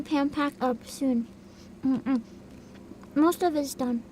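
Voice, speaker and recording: A woman livestreamer chatting casually with her viewers while she eats, laughing often and describing herself as loud. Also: high-pitched, slow, a little hiss or hum. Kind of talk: casual chat while eating.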